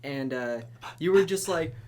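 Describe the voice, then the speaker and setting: A man's voice: mid-range voice, steady tone, moderate pace. Laid-back young man co-hosting a podcast. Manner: laughing storyteller who acts out quotes, swears freely. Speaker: podcast co-host. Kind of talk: casual chat.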